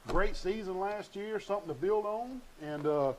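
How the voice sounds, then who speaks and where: Host guy, kinda high voice, folksy and teasing, light hiss. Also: normal speed, a little mellow, poor audio. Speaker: sports show host. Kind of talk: casual interview chat.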